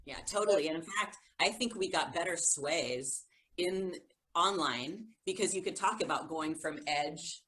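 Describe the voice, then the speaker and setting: A woman's voice: on the low side, measured pace, a bit bright, rough recording. A woman co-hosting a music education podcast, talking enthusiastically about teaching and demonstrating sounds. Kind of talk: casual chat.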